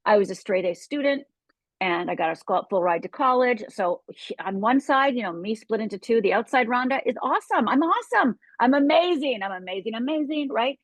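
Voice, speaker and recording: A woman's voice: medium pitch, dry recording. A middle-aged woman coach talking candidly in an interview, retelling her own past with vivid, acted-out quotes. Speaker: guest, life coach.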